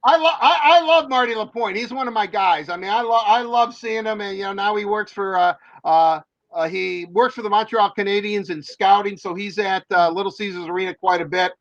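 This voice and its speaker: A man's voice: high voice, fairly quick, a bit bright, no room sound, muffled recording. A man, a hockey reporter, telling long rambling stories in casual chat, with many fillers and restarts.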